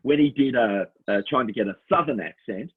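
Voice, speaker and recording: Husky Australian man on a tinny line. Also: medium pitch, a little fast. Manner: animated storyteller, laughs often, slips into voices. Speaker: podcast co-host. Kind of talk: casual chat. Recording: tinny phone-line sound.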